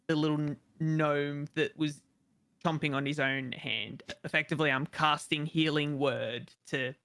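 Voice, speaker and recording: Slow, bright-voiced man playing a tabletop game. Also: a little high, steady tone, clear, resonant tone, no room sound. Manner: slow, hesitant, describes actions haltingly. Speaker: player. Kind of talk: casual tabletop game play.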